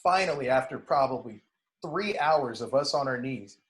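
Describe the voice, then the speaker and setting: A man's voice: medium pitch, normal speed. A man in casual podcast conversation, telling a story and acting out the dialogue, swearing now and then. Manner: animated, acts out dialogue in retelling. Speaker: podcast guest.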